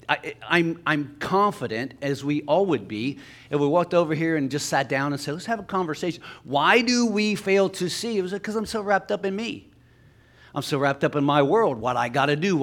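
A man with a Southern Ohio accent preaching a sermon in a church, telling a personal story and swinging from soft asides to loud emphasis. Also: on the high side. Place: church sanctuary.

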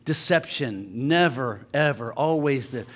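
A pastor preaching a sermon in a church, talking to the congregation conversationally and telling jokey stories. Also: male voice, medium pitch, expressive, a little slow, fairly bright tone. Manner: conversational, joking storytelling.

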